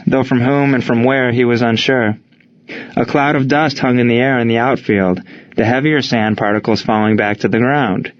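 A man narrating an audiobook in a steady, measured reading. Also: mid-range voice. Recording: dull lo-fi recording.

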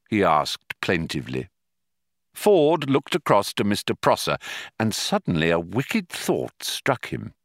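A man narrating an audiobook with measured, dry storytelling. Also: fairly low pitch, wildly swooping pitch, fairly bright tone, no room sound. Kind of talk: scripted narration.

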